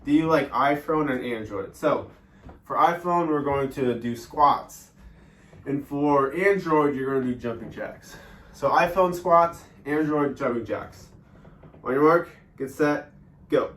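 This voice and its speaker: A man teaching a guided workout lesson, explaining each step with many ums and pauses. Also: medium pitch, fairly bright tone, recorded from a distance. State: out of breath during exercise. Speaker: fitness instructor. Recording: echoey room, voice off-mic.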